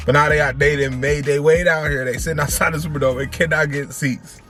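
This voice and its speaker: A man, a family vlogger, casually telling a story to camera in an animated, slangy way, repeating phrases for emphasis. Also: a little high, fast, few pauses, soft background music. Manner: slangy, conversational.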